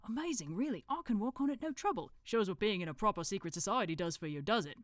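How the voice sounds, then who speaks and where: A woman's voice: mid-range voice, lively intonation, fast talker, no echo, clean studio sound, lightly acted. Woman doing a rambling dim-witted society brother. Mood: chatty. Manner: conversational, rambling. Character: chatty dim male society member.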